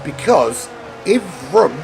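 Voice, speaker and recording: A man with a cold and a nasal voice, commentating an online sim racing league, rambling into asides and getting excited during close battles. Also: on the high side, slow pace, creaky. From not American. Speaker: race commentator. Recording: game music and engine noise behind. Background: racing game audio and music.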